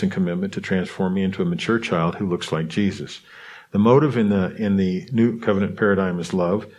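A man with a somewhat low voice talks through a book's ideas on a podcast. He teaches in a casual way, restarting phrases and asking his listeners if they're following. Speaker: podcast host. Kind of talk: casual teaching talk, reading a book aloud.

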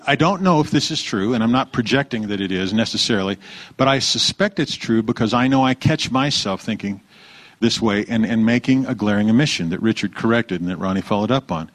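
A man preaching a conversational sermon, relaxed, asking the congregation questions and repeating their answers. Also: medium pitch, a little fast, no room sound. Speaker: pastor.

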